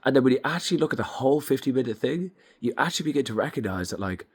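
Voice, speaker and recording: A man's voice: mid-range voice, animated, very fast, husky. A young man giving a blunt, emphatic opinion monologue to camera, swearing freely. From Ireland. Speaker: vlogger.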